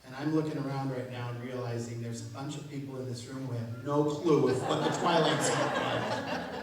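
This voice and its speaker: A woman pastor in her fifties preaching a sermon in a relaxed, humorous way, laughing along with her own jokes. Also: rumbling low, normal speed, crowd noise. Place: church sanctuary. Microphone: distant room mic. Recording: very echoey church from far off.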